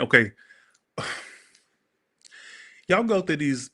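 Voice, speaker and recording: Tarot guy rambling and cussing, bright sharp voice, keeps saying sorry to the viewers. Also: on the high side, moderate pace, vocal fry, long pauses. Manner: rambling, profane, talks to viewers. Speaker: tarot reader. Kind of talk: casual chatty tarot reading.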